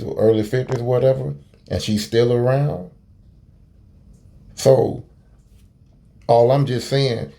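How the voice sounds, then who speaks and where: A man's voice: fairly low pitch, mellow. A man giving casual, preachy commentary, rambling and full of hesitations. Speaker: video commentator.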